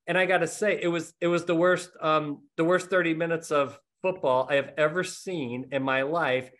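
In relaxed, self-deprecating talk, a middle-aged podcast host tells meandering stories. His voice is fairly high and fairly bright, with fairly even intonation at a normal speed.

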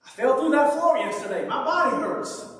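High-voiced man preaching in a hall. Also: animated, moderate pace, a bit bright. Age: 30s. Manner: conversational, joking, exclamatory. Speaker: pastor. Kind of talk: sermon. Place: church sanctuary. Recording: echoey church hall, mic far off.

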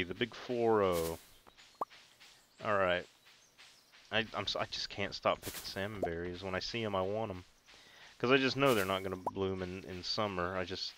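Guy with a lowish voice goofing around over a game, kinda excitable, hiss behind him. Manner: joking, self-mocking, excitable. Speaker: gaming video host. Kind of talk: casual gameplay commentary.

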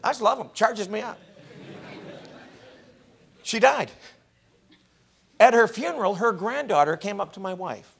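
A man preaching a sermon as pastor in a college chapel. He is animated, moving from loud exclamations to hushed whispers. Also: high-pitched, a little slow, creaky, long pauses, slightly rough, a faint crowd.

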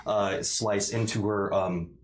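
Halting, low-voiced male dungeon master. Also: steady tone, a little hiss or hum. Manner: halting, descriptive narration full of pauses. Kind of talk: narrating a tabletop game. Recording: roomy echoey room.

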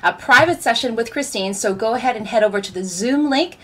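A woman's voice: fairly high pitch, animated, a little fast. A woman vocal coach hosting a live stream, talking to her viewers in an upbeat, direct way. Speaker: vocal coach and show host. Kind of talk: live-stream host talk.

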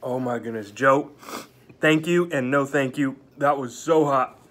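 Slow-talking man gasping through pepper heat. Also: medium pitch, fairly bright tone. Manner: gasping, coughing, pained exclamations. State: mouth burning from a hot pepper. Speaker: vlogger eating hot peppers. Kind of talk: casual vlog. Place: break room at work.

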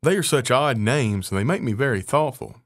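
A man voicing an eager, excitable little female mouse who asks questions. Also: medium pitch, normal speed, dry recording, clean studio sound. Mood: puzzled.

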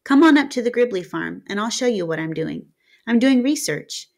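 A woman's voice: a little high, lively intonation, moderate pace, a little mellow. A woman voicing an earnest, plain-spoken teenage boy who lives alone in the wilderness.

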